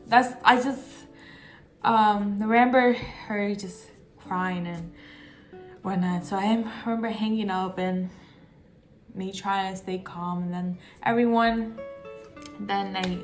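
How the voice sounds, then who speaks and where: A young woman tells a painful personal story to her camera, her voice catching as she holds back tears. She talks in halting bursts, full of fillers and restarts, at a middling pitch, with faint guitar music under her. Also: fairly even intonation. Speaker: vlogger.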